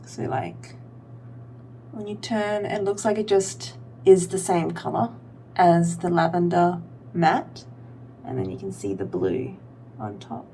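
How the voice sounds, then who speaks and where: Young woman doing a makeup vlog, low-ish gravelly voice, rambly and chatty, little hum behind. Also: animated, slow pace, warm tone. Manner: rambling, filler-heavy, self-deprecating. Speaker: beauty vlogger. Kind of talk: casual makeup tutorial chat.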